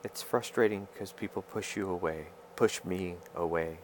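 A low-sitting male voice delivers a rambling personal monologue to viewers, halting and stammering as he gropes for words, with a little hiss or hum in the background.

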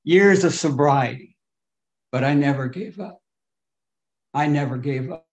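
Middle-aged man, fairly high voice, giving a heartfelt recovery talk with big swings in volume. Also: unhurried. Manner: emotional, swinging between loud and hushed. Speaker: recovery speaker. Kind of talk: AA share storytelling.

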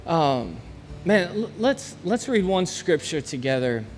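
A man's voice: high voice, very animated, takes it slowly, a little hiss or hum. A man preaching a sermon as pastor, speaking with passion and rising to bursts of emphasis. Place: church sanctuary. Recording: long hall reverb, faint ambience.

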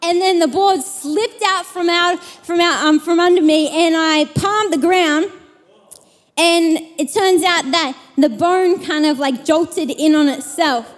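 Young woman preacher, high voice, chatty storytelling sermon in a big reverberant room. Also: slow pace. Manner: lively storytelling with many fillers. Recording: long hall reverb.

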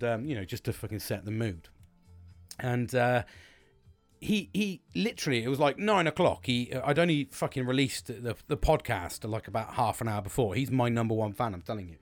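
A man's voice: mid-range voice, dry recording. A man in his forties hosting a solo podcast, talking casually into a close mic in a rambling, sweary, self-mocking way. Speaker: podcast host. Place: at home, drinking cider. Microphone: close studio-style mic.

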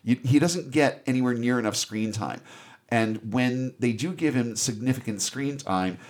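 A man giving a casual, animated movie recap as a podcast host, with free swearing. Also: medium pitch, moderate pace. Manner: animated storyteller, swears freely.

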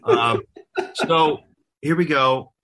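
A man's voice: a little high, very slow, pushed and bright. A middle-aged man hosting a talk show, congested from a cold, chatting in a loose, joking, self-deprecating way. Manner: jokey, rambling, self-deprecating. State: stuffed up, congested. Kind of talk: casual radio talk.

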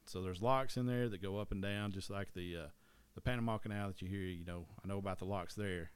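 A man's voice: deep voice, fast talker, smooth. A man, chatting casually and rambling with many restarts. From East Tennessee. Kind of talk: casual chat.

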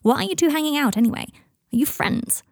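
A woman's voice: high-pitched, expressive, fast, dry recording, clean studio sound, voice pushed up. A woman reading the part of a bitter, restless young man who talks in a snide, sarcastic way in an audiobook fan-fiction reading.

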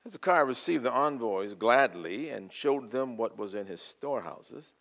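An older man preaching a sermon, swinging from loud, fervent declaiming to quiet, intimate asides. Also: mid-range voice, animated, normal speed.

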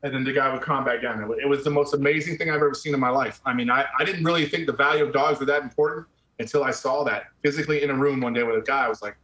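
The man's mid-range voice races along with a slightly bright edge. A middle-aged army veteran, he recounts his experiences frankly in casual interview conversation, using "man" and a stray curse, recorded with a roomy echo.

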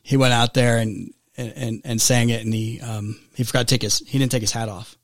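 A man's voice: medium pitch, level tone, a little fast, no room sound. A man talking casually as a podcast co-host, his mid-range voice recorded close and dry. He rambles, circles back and restarts his sentences, leaning on fillers as he thinks aloud. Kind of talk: casual chat.

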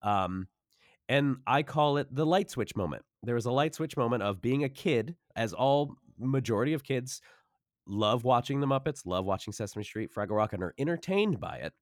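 A man's voice: mid-range voice, moderate pace, no echo, studio quality. A man in his forties, a puppeteer, telling a story in casual chat and acting out the voices of others. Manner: animated storyteller who acts out voices. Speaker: puppeteer and voice narrator.

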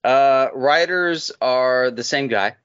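Slow, halting male podcast host. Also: medium pitch, fairly bright tone, clean tone. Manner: halting, many "uh" pauses. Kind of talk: casual chat, reading notes. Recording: dull lo-fi podcast audio.

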